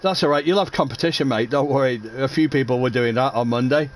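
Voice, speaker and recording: A man's voice: mid-range voice, quick pace. A man chatting casually on a racing livestream, rambling and making self-mocking jokes. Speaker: race streamer, commentator.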